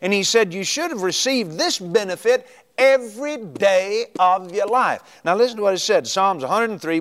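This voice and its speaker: A man preaching a sermon, telling a story and quoting scripture with emphatic, drawn-out delivery and sudden rises in pitch. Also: animated, a bit bright.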